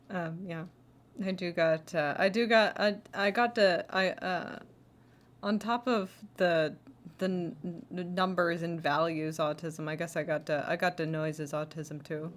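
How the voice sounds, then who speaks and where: A woman's voice: on the low side, steady tone, slow. A woman chatting casually while she edits a video, laughing at herself and murmuring as she works. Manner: giggly, self-deprecating, drops to a murmur while working. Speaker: video editor streaming her work. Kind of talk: casual chat while editing.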